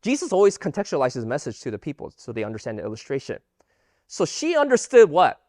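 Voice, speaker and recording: Animated Bible teacher with lively pitch. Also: fast talker, no echo, clean studio sound. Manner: asks the audience rhetorical questions; animated, emphatic delivery. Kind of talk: Bible study lesson.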